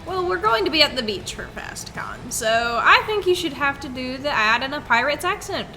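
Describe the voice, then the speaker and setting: Female co-host, high bright voice, casual news reading with amused asides. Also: lively intonation, moderate pace, soft background music. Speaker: podcast co-host.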